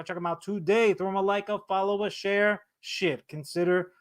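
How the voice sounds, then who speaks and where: A man's voice: sits high, steady tone, moderate pace. A man co-hosting a comic book podcast, talking loosely and playfully with some swearing, reading a sponsor plug. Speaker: podcast co-host. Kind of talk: casual podcast chat and sponsor reads.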